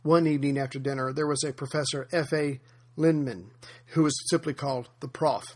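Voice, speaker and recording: A man hosting a history podcast, telling anecdotes in a relaxed, conversational way, with frequent fillers. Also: fairly high pitch, fairly quick. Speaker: podcast host. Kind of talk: casual history podcast narration.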